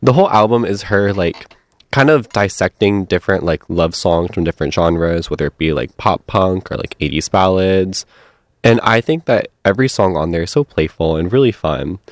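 A man hosting a music radio show, talking casually about songs in a relaxed, rambling way with many fillers. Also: deep voice, moderate pace, dry recording.

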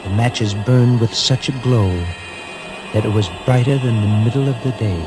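A man telling a fairy tale in a gentle, dramatic storytelling reading with hushed pauses. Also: medium pitch, steady tone, noisy background. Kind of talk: scripted narration of a fairy tale. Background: music.

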